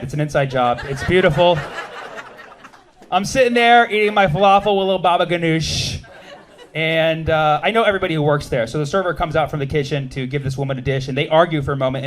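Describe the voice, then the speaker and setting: A man doing a stand-up comedy set on a club stage, quick and sardonic, trading jabs with the audience. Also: fairly high pitch, fairly bright tone. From United States. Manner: quick, sardonic, jumping between bits and audience banter.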